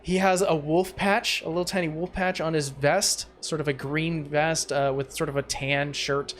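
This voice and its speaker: High-voiced guy dming a tabletop game, lots of uhs and likes, rambly narration. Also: steady tone, normal speed, slight background noise. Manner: loose, filler-heavy narration. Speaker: game master.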